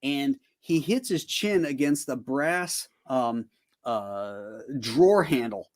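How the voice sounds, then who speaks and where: A man's voice: mid-range voice, lively intonation, slow pace. A middle-aged man in casual chat, telling jokey childhood stories. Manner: jokey, chatty.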